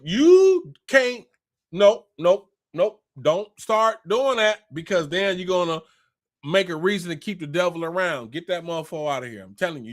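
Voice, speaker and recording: A man's voice: high-pitched, pushed and bright. A man giving a fiery spiritual pep talk, blunt and profane, hammering his points home by repeating phrases. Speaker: spiritual motivational speaker.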